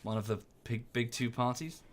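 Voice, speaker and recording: A British man chatting casually while he streams a game, rambling with lots of fillers and jumping into high, exaggerated voices when he quotes people. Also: normal speed, slight background noise. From United Kingdom.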